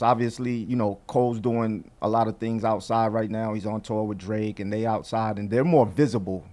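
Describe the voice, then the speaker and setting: A man co-hosting a casual sports talk show, giving measured, thoughtful opinions. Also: fairly low pitch, a little mellow. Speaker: sports podcast co-host.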